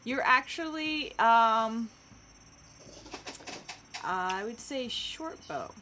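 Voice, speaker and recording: Slow-talking woman game master. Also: fairly high pitch, lively intonation, bright, forceful tone, a little hiss or hum. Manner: unhurried, giggly narration. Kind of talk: narrating a tabletop game.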